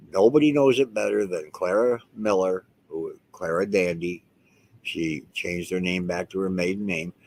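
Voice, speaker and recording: A man talking casually to the camera as a vlogger, rambling and emphatic, often restarting his sentences. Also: low-pitched. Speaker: house owner and vlogger.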